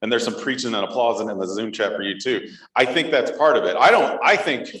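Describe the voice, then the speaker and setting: A man from Texas co-hosting a live podcast before an audience, playful and quick to laugh. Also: medium pitch, animated, fairly bright tone. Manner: playful, jokey, laughs often. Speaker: podcast co-host. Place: conference hall stage. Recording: echoey hall with crowd mic.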